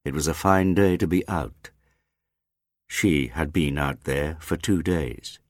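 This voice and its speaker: A man with a very low voice reads a literary audiobook, slow and grave, letting each phrase land. The recording is close and dry, with no room sound. His delivery stays measured and serious throughout. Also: dry recording. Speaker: audiobook narrator.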